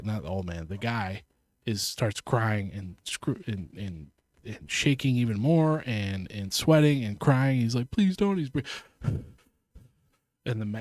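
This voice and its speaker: A man's voice: fairly low pitch, a little mellow, dry recording. A man co-hosting a podcast in casual chat, animatedly retelling a film scene, swearing and acting out the lines. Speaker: podcast co-host.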